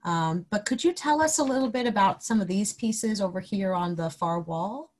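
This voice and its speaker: A woman's voice: medium pitch, animated, moderate pace. A woman hosting a live interview, giving brief, encouraging prompts to her guest. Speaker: interview host.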